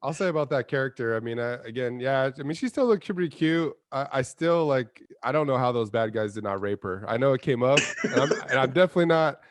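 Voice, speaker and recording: A man's voice: medium pitch, animated, fast, few pauses, no room sound. Guy rambling through a movie review, lots of "you know", dry close sound. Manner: rambling, laid-back, many fillers. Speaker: co-host of a movie review show. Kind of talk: casual movie review chat.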